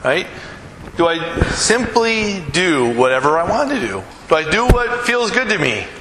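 Middle-aged guy preaching, chatty, lots of "right?", slightly high voice, big echoey room, noisy background. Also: very animated, measured pace. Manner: conversational preacher, rhetorical questions, acts out anecdotes. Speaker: pastor. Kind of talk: sermon.

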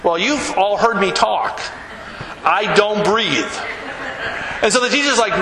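A man preaching a folksy, animated sermon to his congregation, joking and reading scripture. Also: high-pitched, unhurried, pauses often, echoey room, in a large hall, background noise. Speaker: pastor. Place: church sanctuary.

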